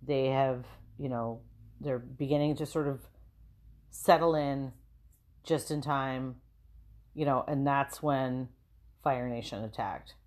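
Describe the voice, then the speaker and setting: A woman co-hosting a podcast, chatting casually about a film with frequent fillers and quick laughs. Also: extremely low pitch, steady tone, darkish tone. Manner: chatty, lots of fillers and swearing, laughs often. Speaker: podcast co-host.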